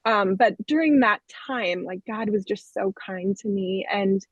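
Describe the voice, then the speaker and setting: A woman tells her own story as a podcast guest, candid and earnest. Her voice sits at an ordinary middle pitch. The recording is dry and a little muffled. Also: a little slow, no room sound. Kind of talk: personal testimony in an interview. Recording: dull, dry lo-fi sound.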